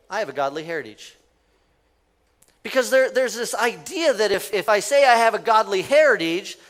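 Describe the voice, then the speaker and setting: A man's voice: high-pitched, fairly bright tone. A male pastor preaching a conversational sermon in a church, leading the congregation in call-and-response. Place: church sanctuary.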